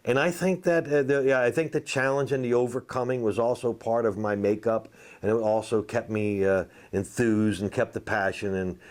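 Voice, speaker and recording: A man and former football player telling salty, animated anecdotes in a casual interview, full of fillers. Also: medium pitch, normal speed, hardly any pauses. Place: outdoors at a golf tournament.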